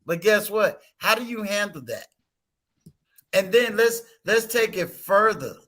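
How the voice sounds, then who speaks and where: Emphatic man, bright tense voice. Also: high voice, animated, unhurried. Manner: emphatic storytelling with rhetorical questions. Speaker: host. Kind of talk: casual live-stream talk.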